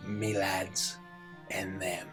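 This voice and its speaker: A man's voice: low voice, completely flat delivery, drawn-out words, a bit bright, full character voice. A man voicing a grubby male tax collector cat who bullies peasants, with a drawling, sneering manner, over music. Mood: menacing.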